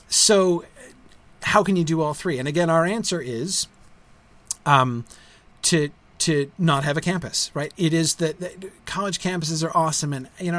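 His voice on the high side and fairly bright, a middle-aged man who founded a school talks casually to livestream viewers. He restarts a lot, leans on fillers, and frequently ends points with a tag question.

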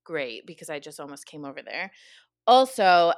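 A woman therapist telling a story in casual chat, animated and full of "like", with some swearing. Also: low voice, normal speed, no room sound, studio quality. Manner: animated, heavy use of "like", swears.

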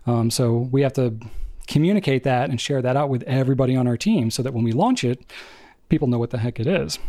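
A man co-hosting a casual podcast, explaining at length in an animated, rambling way. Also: medium pitch. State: out of breath. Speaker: podcast co-host.

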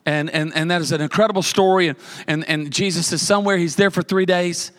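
A man's voice: high voice, fairly even intonation, brisk, a bit bright. A man preaching a sermon as pastor, telling a story with humor and building repeated emphatic lists.

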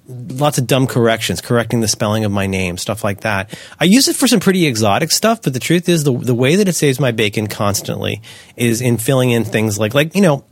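A man's voice: medium pitch, dry recording. A man co-hosting a podcast, chatting casually with wry, rambling, self-mocking asides. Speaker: podcast co-host.

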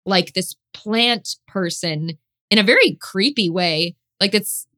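A woman chatting casually as a podcast guest, excitable and swearing casually, filling her talk with "you know". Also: mid-range voice, slow pace. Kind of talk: casual chat.

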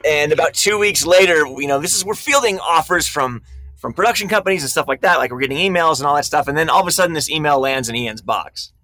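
A man, a film director, telling stories about casting in an energetic, emphatic interview. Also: on the high side, quick pace. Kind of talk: casual interview storytelling.

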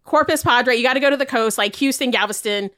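Woman, podcast co-host, chatty filler-heavy talk, slightly high voice, dry close sound. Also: fast talker, pushed and bright, no echo. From Puerto Rican heritage. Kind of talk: casual chat.

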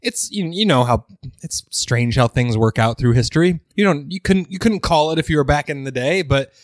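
A man co-hosting a podcast in casual chat, wry and quick with quips. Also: a little high, animated, no room sound, studio quality. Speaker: podcast co-host. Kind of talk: casual chat about cocktails.

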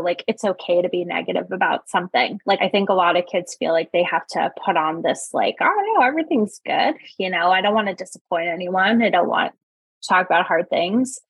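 A woman speaking as a guest on a podcast, chatting casually as a speech-language pathologist and acting out little quotes with sudden jumps in pitch. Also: fairly bright tone, breathy edge, no echo, rough recording.

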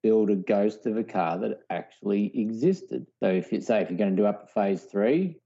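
A man's voice: lowish voice, expressive, moderate pace, dark tone, muffled recording. A man with an Australian accent co-hosting a casual car podcast, rambling with lots of "you know". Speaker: co-host.

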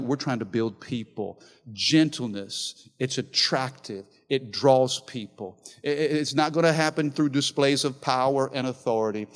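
A man preaching a sermon as pastor, passionate, swinging between loud emphasis and soft, quiet lines. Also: medium pitch. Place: large church hall. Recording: reverberant church hall.

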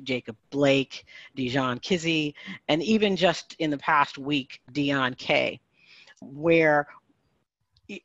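An earnest man with a fairly high voice talks through his points in a panel discussion, measured and thoughtful, often circling back to restart a phrase. The sound is dry and a little dull, like lo-fi audio. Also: fairly bright tone, no echo.

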